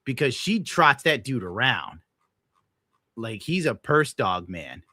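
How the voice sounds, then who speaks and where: A young man with a bright, forceful voice rants bitterly and swears constantly as he comments on a stream. The sound is dry and close, with no room around it. He talks in a casual, sour way. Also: mid-range voice, sing-song, takes it slowly, dry recording. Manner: bitter, crude, heavy swearing. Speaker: streamer reacting to clips.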